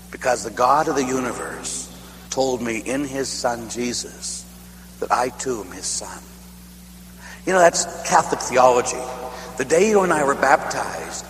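A middle-aged man from Pittsburgh, a priest telling a story in a sermon, animated and laughing, dropping from loud to hushed. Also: mid-range voice. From Pittsburgh, USA. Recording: echoey hall with faint hum.

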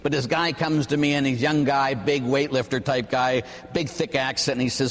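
A man, a Catholic priest, preaching a sermon with animated, emphatic storytelling. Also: medium pitch, normal speed, long reverb tail.

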